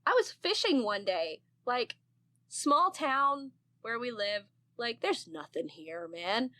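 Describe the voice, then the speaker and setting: A woman's voice: on the high side, big pitch swings, takes it slowly, sharp tone, no echo. Thirties woman on a podcast, swears a lot, laughs, voice swings up and down all over. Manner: swearing, laughing, playful storytelling. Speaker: podcast guest. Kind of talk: casual podcast chat.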